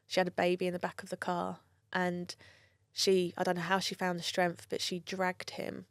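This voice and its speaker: Gravelly-voiced woman, candid and emotional. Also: on the low side, monotone, normal speed, no room sound, clean studio sound. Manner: candid, emotional, swears freely. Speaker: guest. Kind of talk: personal storytelling interview.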